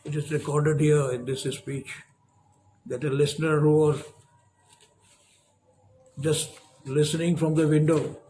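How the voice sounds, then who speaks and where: A man giving a lecture as a professor, measured and emphatic, with long pauses. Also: on the high side, a little mellow, slight background noise.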